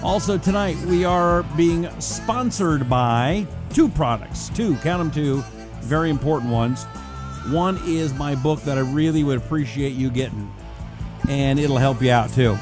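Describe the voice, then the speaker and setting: A man's voice: fairly high pitch, animated, a little slow, a little mellow, faint music behind. A middle-aged man hosting a talk show, chatting casually and reading out viewer check-ins. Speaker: radio talk show host. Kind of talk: casual live-stream chat.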